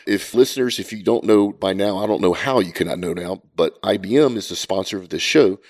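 A man co-hosting a podcast with guests in a studio room. He talks at a quick clip in a fairly low voice. He jokes easily with his guests. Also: a little mellow. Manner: joking, laughs easily. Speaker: podcast co-host. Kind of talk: casual podcast chat.

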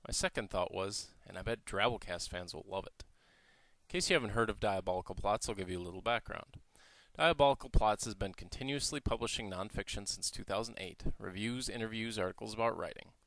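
A man's voice: lowish voice, fairly quick, a bit bright, dry recording. A man, a magazine editor, giving an earnest scripted introduction.

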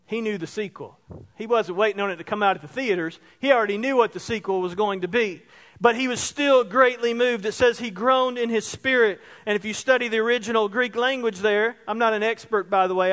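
A man pastor preaching a sermon, moving between soft, hushed passages and loud emphasis. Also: extremely high pitch, normal speed. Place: church sanctuary. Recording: reverberant church hall.

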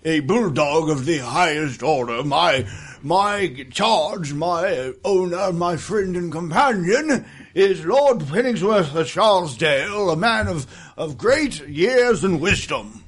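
A man's voice: a little high, expressive, takes it slowly, breathy edge. A man introducing himself as a tabletop player, breezy and mock-formal. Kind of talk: casual chat.

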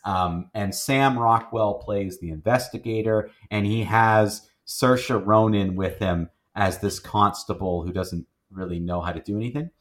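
Casual low-voiced man reviewing films. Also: measured pace, hardly any pauses, fairly bright tone. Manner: rambling, filler-heavy, self-restarting. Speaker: film review host. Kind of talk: casual movie review chat.

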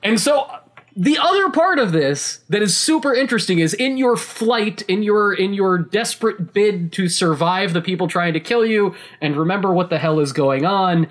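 A man chatting casually about a video game, excitable and rambling, with many restarts and laughs mid-sentence. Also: high-pitched, moderate pace. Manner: casual swearing.

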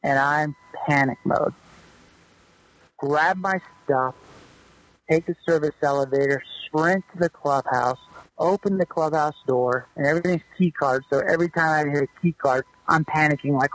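A fairly high-voiced man speaks as a podcast guest. He tells stories from his playing days in a loose, chatty way, with plenty of fillers and restarts. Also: normal speed, no room sound, rough recording. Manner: loose, animated storyteller with lots of fillers. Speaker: guest, former pro baseball player. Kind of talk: casual podcast storytelling.

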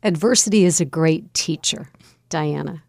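A woman hosts a broadcast interview, asking measured and encouraging questions. Her voice sits a little low and comes across close and dry. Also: creaky, darkish tone, dry recording. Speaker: interview host.

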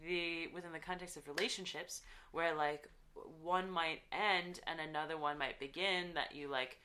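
A woman's voice: deep voice, steady tone, normal speed, pushed and bright. A young woman guesting on a podcast, talking in long rambling runs full of fillers. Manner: rambling, filler-heavy, laughs often. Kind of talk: casual podcast chat.

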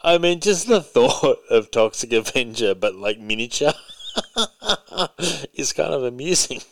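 A man's voice: medium pitch, lively intonation, unhurried, fairly bright tone. Laughing man hosting a casual podcast. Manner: laughs often, reads news items, swears casually. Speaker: podcast host. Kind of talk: casual chat.

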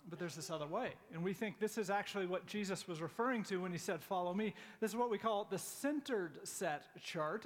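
A man's voice: sits high, in a large hall. A male pastor preaching a sermon in a conversational way, with fillers and restarts.

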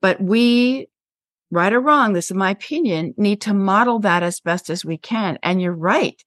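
A woman's voice: mid-range voice, unhurried, no echo, clean studio sound. Passionate older woman teacher. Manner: passionate, storytelling, emphatic. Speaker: veteran health teacher, guest. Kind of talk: podcast interview.

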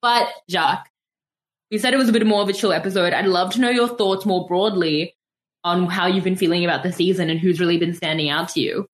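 A woman's voice: on the low side, fairly quick. A woman hosting a podcast in casual chat, with a playful, teasing way of talking. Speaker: podcast host.

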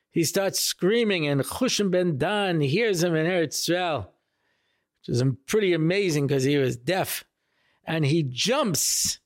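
A man's voice: dry recording, clean studio sound. A man, a rabbi, telling a weekly Torah talk in a casual, jokey storytelling way and acting out the quotes. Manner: animated, jokey, acts out quotes with big pitch jumps.

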